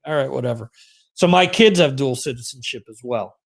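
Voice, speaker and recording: A man's voice: mid-range voice, lively intonation, a little fast, gravelly. A middle-aged man hosting a podcast in a rambling, self-mocking casual chat. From United States. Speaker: podcast host.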